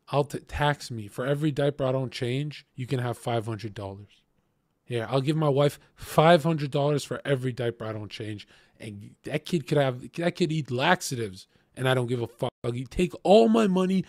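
Young male streamer, profane emphatic ranter, unhurried drawl. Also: mid-range voice, a little mellow, no echo, clean studio sound. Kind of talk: ranting livestream commentary.

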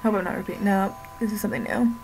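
A woman's voice: medium pitch, steady tone, rapid-fire, vocal fry, a little mellow, rough recording. A woman giving casual, chatty commentary on a video game, wondering aloud as she plays, with game music underneath. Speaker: let's play commentator. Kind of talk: gameplay commentary.

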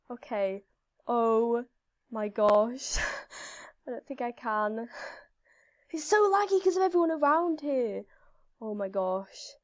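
A young woman commenting on her gameplay in a casual, excitable way, her voice slightly hoarse. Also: on the high side. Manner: excitable, breathless, full of gasps and squeals. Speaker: gaming video creator.

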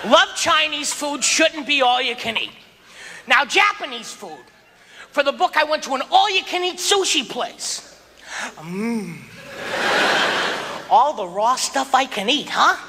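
High, lively man doing stand-up. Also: a little slow, pauses often, background noise. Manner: animated, exclaiming, jumps into voices. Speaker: stand-up comedian. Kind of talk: stand-up comedy routine. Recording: live hall with loud audience laughter.

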